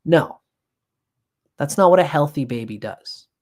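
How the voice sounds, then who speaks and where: A man's voice: a little high, expressive, unhurried, a little mellow. A man giving an astrology reading on a live stream, blunt and profane, switching into acted voices to make his points.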